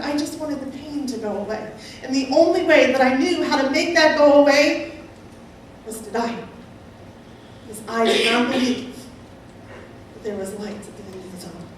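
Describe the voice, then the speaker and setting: A woman sharing a personal testimony in an earnest, halting, heartfelt way, recorded from far off in a large hall. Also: sits high, a little hiss or hum. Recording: very echoey, voice from far off.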